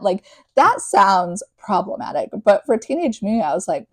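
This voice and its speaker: A young woman reads passages from a novel and keeps drifting into loose, chatty asides, leaning hard on "like". Her pitch sits in the middle of the range. The recording is very dry, with no room sound at all. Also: big pitch swings, a little slow, no echo. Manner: chatty, rambling, heavy use of "like". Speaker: podcast host. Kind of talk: reading a novel aloud with casual commentary.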